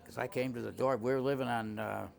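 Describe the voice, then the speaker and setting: Older man, gravelly, rambling tavern stories, many restarts. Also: medium pitch, steady tone, fast talker. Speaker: tavern owner telling stories. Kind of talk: rambling spoken anecdotes.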